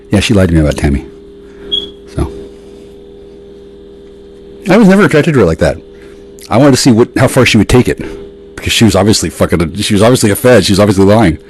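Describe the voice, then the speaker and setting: A man in a rambling, profane monologue, sarcastic and ranting, with sudden jumps up in pitch. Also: big pitch swings, moderate pace, long pauses, a little hiss or hum, rough recording.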